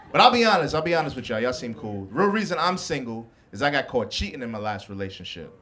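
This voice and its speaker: Brash Bronx comedian working the crowd. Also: male voice, mid-range voice, big pitch swings, fast, sharp tone. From the Bronx, New York. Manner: brash, profane, teasing the audience. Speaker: stand-up comedian. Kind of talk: stand-up comedy set with crowd work. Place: comedy club stage before a live audience.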